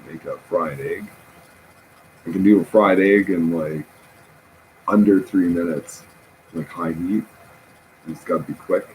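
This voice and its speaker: A man talking in a rambling, halting casual monologue, often laughing at his own jokes. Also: sits low, a little mellow, a little hiss or hum, poor audio.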